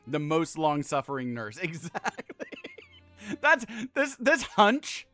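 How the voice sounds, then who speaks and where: A man's voice: a little high, wildly swooping pitch, slow pace, pushed and bright, soft background music. A man in his thirties streaming a game, talking casually, swearing freely and turning earnest when he praises others. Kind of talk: casual gameplay commentary.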